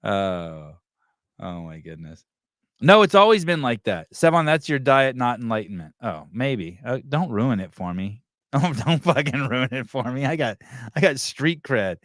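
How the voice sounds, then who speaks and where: A man's voice: mid-range voice, sing-song, a little slow, fairly bright tone, dry recording, clean studio sound. A man hosting a podcast, chatting casually in a crude, joking way and laughing often. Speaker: podcast host.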